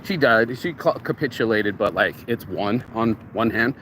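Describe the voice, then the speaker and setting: A man's voice: lowish voice, lively intonation, normal speed, fairly bright tone, a little hiss or hum. Rambling, cursing man musing aloud. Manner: rambling, profane, self-reflective. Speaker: vlogger. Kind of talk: casual reflective monologue.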